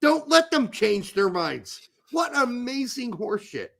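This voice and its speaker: A man with a strikingly high voice and a rough, gravelly edge holds forth on a casual sports podcast. His rant is thick with profanity and keeps boiling over into sudden, heated outbursts. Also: very animated, unhurried, a bit bright. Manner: profane, ranting, explosive outbursts. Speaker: podcast co-host.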